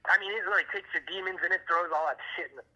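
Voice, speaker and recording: A man tells his brother a long, winding story over a phone call. His voice is very bright and sharp. He swears freely and leans on fillers as he rambles. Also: high-pitched, quick pace. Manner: rambling, profane, heavy fillers. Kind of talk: casual chat.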